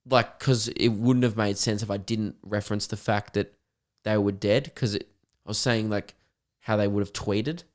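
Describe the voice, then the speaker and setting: A young man, hosting a casual podcast and telling lively stories, acting out the voices of the people in them. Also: fairly low pitch, normal speed. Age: young adult. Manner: animated storyteller who acts out voices of others. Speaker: podcast host and comedian.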